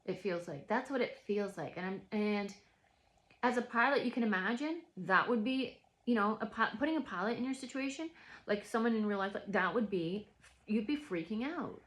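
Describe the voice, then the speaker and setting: A woman's voice: medium pitch, lively intonation, moderate pace. A woman vlogging from home in a reflective, rambling monologue, full of restarts and filler words.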